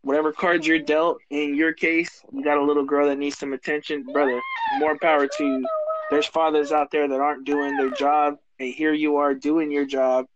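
A man's voice: a little high, level tone, moderate pace, lo-fi sound, background noise. A man guesting on a podcast over a remote link, chatting casually in an agreeable, supportive way. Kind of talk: casual chat. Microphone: remote recording.

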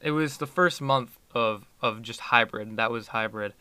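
A man's voice: mid-range voice, moderate pace, sharp tone, smooth, no echo. A teenage boy chatting casually in an interview, rambling with many fillers and restarts. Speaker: student athlete guest.

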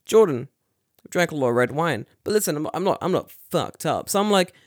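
A man's voice: fairly high pitch, a little fast, no echo, studio quality. A young man telling a story in casual chat, cursing freely and stumbling over repeated words. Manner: profane, animated, repeats words. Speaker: podcast storyteller.

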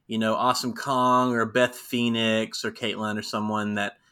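A man's voice: fairly low pitch, level tone, normal speed, bright, forceful tone, clear, resonant tone. A man co-hosting a podcast, casually recapping wrestling segments in a chatty storytelling way. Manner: chatty storytelling, quotes people in voices. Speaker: podcast co-host.

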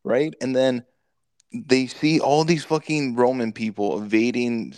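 A man co-hosting a podcast, retelling movie scenes in an animated, profane way and putting on quick voices for the characters. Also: mid-range voice, no echo, studio quality. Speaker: podcast co-host. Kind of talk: casual movie review chat.

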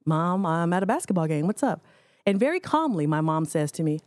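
A woman's voice: fairly low pitch, sing-song, a little fast, a little mellow, no echo. Woman, 40s, doctor, earnest storytelling, speaks straight to listeners, dry close sound. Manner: earnest, addresses audience directly. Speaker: physician speaker. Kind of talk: personal storytelling talk.

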